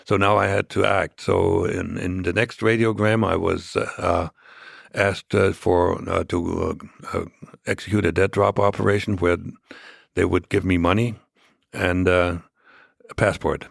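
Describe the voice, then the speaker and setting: A man as a podcast guest, recounting past events in a measured, reflective way during a conversational interview. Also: deep voice, level tone, gravelly, no room sound, clean studio sound.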